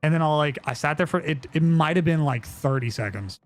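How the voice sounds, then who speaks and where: A man's voice: on the high side, animated, fairly quick. Young man, live streamer, casual chat, rambling, filler-heavy, profane.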